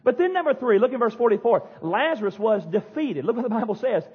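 A man preaching a fiery sermon as pastor, yelling and pounding the pulpit in a church. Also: very high-pitched, animated, fast talker, breathy edge. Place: church sanctuary. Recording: dull echoey church hall.

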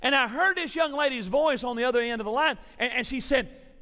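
A man preaching a sermon, telling a folksy story to his congregation in a lively, animated way. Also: very high voice, fairly quick. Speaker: pastor. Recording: preached in a reverberant sanctuary.

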